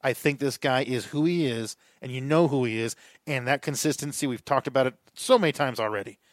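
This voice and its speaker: A man's voice: medium pitch, a little fast, no room sound, studio quality. A man co-hosting a podcast, giving opinionated views in casual chat and thinking aloud. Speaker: podcast co-host. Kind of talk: casual fantasy baseball chat.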